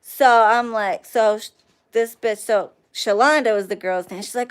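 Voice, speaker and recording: A young woman hosting a casual livestream, telling a profane, animated story and thanking chat viewers along the way. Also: a little high, normal speed, clean tone. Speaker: livestream host.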